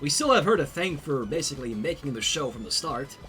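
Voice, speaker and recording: A co-streamer chatting casually during a game, mostly chiming in with quick reactions. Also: mid-range voice, expressive, fairly bright tone, soft background music. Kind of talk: casual chat while gaming.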